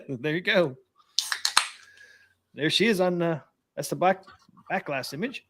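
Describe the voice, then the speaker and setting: A man co-hosting a casual chat, animated and laughing often. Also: on the high side, a little slow, a little hiss or hum. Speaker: co-host.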